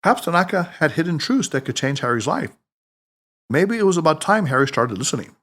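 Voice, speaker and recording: A man, the podcast host, reading his own book aloud with expressive, audiobook-style narration. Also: on the high side, brisk.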